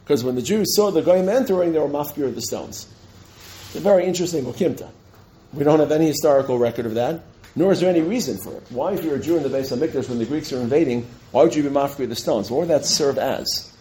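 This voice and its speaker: Fast-talking rabbi lecturing on Talmud. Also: male voice, on the high side, mellow, rough recording. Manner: fast, digressive, self-correcting, reads Hebrew and Aramaic sources aloud. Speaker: rabbi teaching a Talmud class. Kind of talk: lecture with questions from students.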